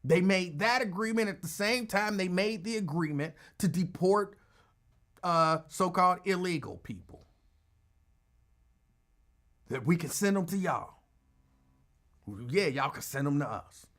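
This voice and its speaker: A man hosting a call-in radio show, talking casually and animatedly, with quick asides. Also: high-pitched. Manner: animated, conversational, drops into asides.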